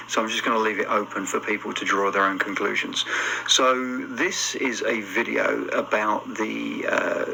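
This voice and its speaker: A man's voice: lowish voice, vocal fry, pushed and bright, slight background noise, rough recording. A man talking to camera as a commentator, careful and emphatic, hedging his claims. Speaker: social media commentator.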